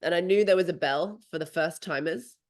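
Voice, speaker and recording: Animated woman telling a race story. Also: on the low side, brisk. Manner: animated, swearing freely, acting out her own thoughts. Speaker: podcast host. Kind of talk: casual storytelling chat.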